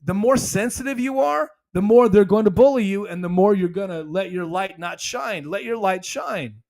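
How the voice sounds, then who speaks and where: A man's voice: sits high, moderate pace, darkish tone. A man hosting a solo commentary podcast, talking emphatically in a rambling, conversational way. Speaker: podcast host.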